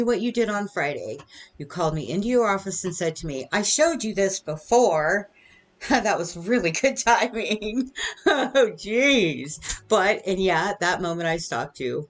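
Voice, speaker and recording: A middle-aged woman venting in an indignant, sarcastic monologue aimed at her former bosses. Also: mid-range voice. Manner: indignant, sarcastic, with bitter laughs. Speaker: vlogger. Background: soft music.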